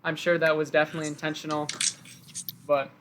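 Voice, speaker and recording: A man's voice: fairly high pitch, completely flat delivery, fast talker, fairly bright tone, slight background noise. A man hosting a live stream, casually announcing picks and thanking viewers over an online call. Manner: upbeat play-by-play, thanks viewers. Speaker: host announcing draft picks.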